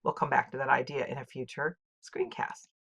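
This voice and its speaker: A woman teaching, reading a scripted poetry lesson in a clear, measured way and reciting poems with marked rhythm. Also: extremely low pitch, a bit bright. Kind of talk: scripted educational narration.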